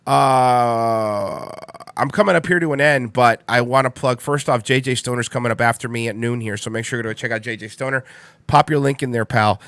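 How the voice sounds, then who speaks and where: A man's voice: mid-range voice, moderate pace, a bit bright, no echo. A man in his thirties hosting a livestream radio show, rambling in casual chat, repeating himself and swearing bluntly. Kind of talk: casual solo stream chat.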